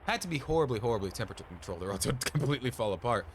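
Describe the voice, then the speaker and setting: A man streaming a game, rambling and swearing as he talks. His pitch swings around lively, and a steady noise sits under the voice. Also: rapid-fire. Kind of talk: casual gameplay commentary.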